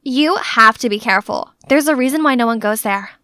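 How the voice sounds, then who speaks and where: A woman voicing a young best friend who gives earnest warnings in an animated story. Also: a little high, fairly quick, no echo, studio quality.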